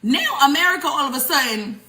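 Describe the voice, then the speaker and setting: A woman riffs through casual political commentary, mocking and profane. Her voice is high and bright. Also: animated, brisk, a little hiss or hum.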